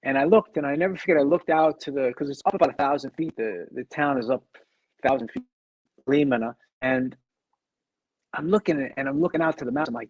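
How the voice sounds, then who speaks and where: Middle-aged male guest, lively raconteur voicing others' lines, fairly high-pitched, dry. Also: brisk, long pauses, no room sound, low-quality recording. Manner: animated, acts out quoted dialogue, frequent restarts. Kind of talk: casual interview storytelling.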